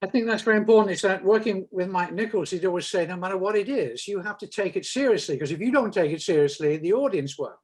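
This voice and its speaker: An older man, interviewing in a casual conversation, wry and chatty with a halting delivery. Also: high voice, slightly rough, rough recording.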